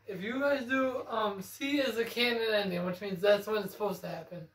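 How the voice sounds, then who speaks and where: In an echoey room, a young man co-hosts a laid-back gaming conversation, his high, slightly bright voice moving at normal speed. He wanders from point to point with self-assurance, hinting that he knows things from the inside.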